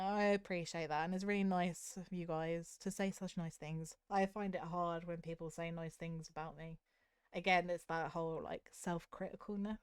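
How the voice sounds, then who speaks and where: A young woman from the south of the UK with a Southern English accent, chatting openly with her stream viewers in a soft, candid, self-critical way with hesitant restarts. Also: lowish voice, clear, resonant tone, no echo, studio quality. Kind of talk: casual chat with stream viewers.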